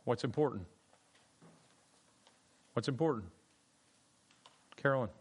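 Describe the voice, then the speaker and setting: A man's voice: mid-range voice, animated, slow, slightly rough. A middle-aged man leading an interactive Bible study class, calling on students by name with a playful, chatty manner and plenty of fillers.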